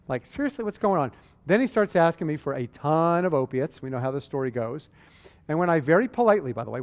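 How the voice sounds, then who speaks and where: A man giving a conversational, animated medical lecture, acting out exchanges with patients. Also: fairly high pitch, in a large hall.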